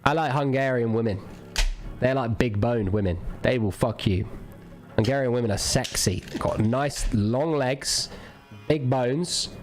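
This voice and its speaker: A man's voice: mid-range voice, a little slow, faint music behind. A man streaming a game, ranting crudely and jokingly in a rambling, casual chat. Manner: rambling, crude, jokey rants.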